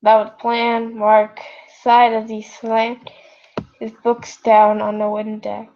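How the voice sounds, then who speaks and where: A woman reads fan fiction aloud at a slow, unhurried pace. She keeps breaking off to chat and apologize. Her voice sits somewhat high and comes through a dull, lo-fi built-in device mic. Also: monotone, slight background noise. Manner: rambling, self-interrupting, apologetic. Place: home, late at night. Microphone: built-in device mic, no proper microphone.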